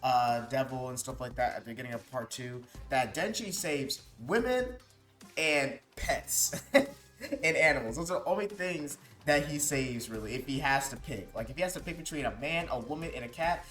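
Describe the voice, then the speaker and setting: A man's voice: medium pitch, a bit bright. A man giving an enthusiastic, casual review of a manga chapter, retelling the story in a loose, chatty way full of "like" and "bro".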